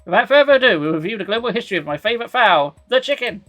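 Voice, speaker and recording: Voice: medium pitch, expressive, racing, a bit bright, lightly acted. Streamer doing a formal, lecturing dog professor; polite, fussy, faint music under.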